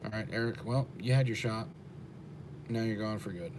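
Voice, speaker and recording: An American truck driver streaming live rants bluntly and profanely while answering his chat, repeating questions for emphasis. His voice sits on the low side at a moderate pace, with noisy surroundings.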